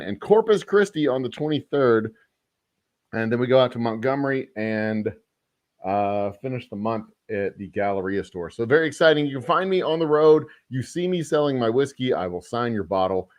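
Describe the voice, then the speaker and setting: A man's voice: medium pitch, dry recording. A man hosting a podcast in casual chat, rambling and joking, often correcting himself mid-sentence. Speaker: podcast host and whiskey maker.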